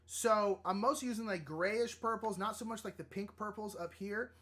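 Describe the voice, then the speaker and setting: A man hosting a live drawing stream, chatting casually and rambling, easily excited and flustered. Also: high voice, normal speed, breathy edge. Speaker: livestream artist host. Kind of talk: casual livestream chat while drawing.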